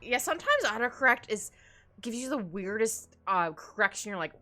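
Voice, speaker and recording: A woman's voice: a little high, sing-song, moderate pace, bright, forceful tone. A young woman streaming as she draws, chatting casually, giggling often and rambling. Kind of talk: casual chat while drawing on stream. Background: faint background music.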